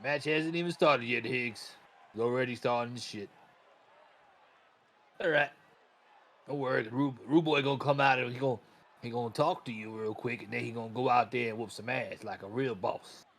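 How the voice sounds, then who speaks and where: A man's voice: medium pitch, moderate pace, a bit bright. A man commentating wrestling in slangy, hyped banter, backing his favorite. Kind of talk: casual play-by-play banter.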